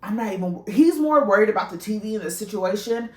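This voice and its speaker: A woman's voice: medium pitch, fast, reverberant, recorded from a distance. Rambling young woman telling a story. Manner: rambling, emotional, swearing, animated retelling. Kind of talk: casual storytime vlog.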